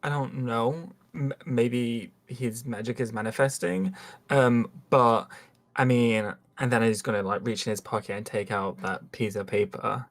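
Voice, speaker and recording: Hesitant man playing a tabletop game. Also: medium pitch. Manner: hesitant, halting starts. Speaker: player. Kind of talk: casual tabletop play.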